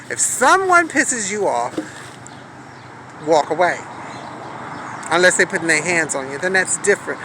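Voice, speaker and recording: An adult woman telling a story outdoors on a street corner in a casual vlog, animated, profane and outspoken as she vents. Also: fairly low pitch. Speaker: vlogger. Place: outdoors on a city street corner by a bus stop. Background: light street traffic and passing buses.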